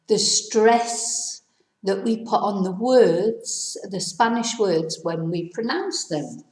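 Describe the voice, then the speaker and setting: Slow-talking middle-aged woman teaching. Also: medium pitch, expressive, darkish tone. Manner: chatty, self-deprecating, explains step by step. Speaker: Spanish teacher. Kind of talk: casual spoken lesson. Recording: echoey room.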